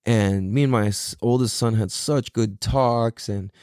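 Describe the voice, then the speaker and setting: A man's voice: fairly low pitch, unhurried, a little mellow, smooth, dry recording, clean studio sound. A tired young man hosting a casual solo podcast, talking in a laid-back, slangy way with a lot of swearing. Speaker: podcast host.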